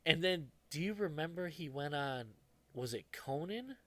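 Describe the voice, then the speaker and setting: A man's voice: a little high, expressive, moderate pace, no room sound. A young adult man co-hosting a podcast, telling stories in a casual, profane way and laughing often. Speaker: podcast co-host. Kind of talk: casual chat.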